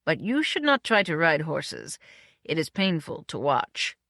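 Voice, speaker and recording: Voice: mid-range voice, big pitch swings, measured pace, sharp tone, dry recording, studio quality, exaggerated voice. A reader doing a gracious, formal movie star. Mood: courteous. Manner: formal, courteous, slightly stiff phrasing.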